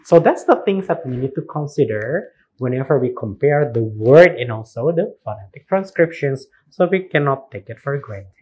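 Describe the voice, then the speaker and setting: An Indonesian man giving a recorded university lecture, spelling words out letter by letter and repeating them slowly. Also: mid-range voice, animated, a little mellow, slightly rough.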